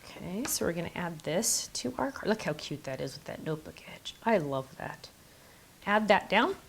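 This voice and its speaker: A woman's voice: on the low side, sing-song, normal speed, creaky, noisy background. A middle-aged woman hosting a card-making tutorial, chatty and enthusiastic, gushing over her supplies. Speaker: craft video host.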